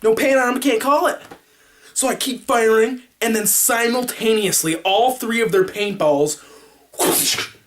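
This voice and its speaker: A man vlogging, telling a story casually to the camera, rambling and animated, making his own sound effects. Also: extremely high pitch, normal speed.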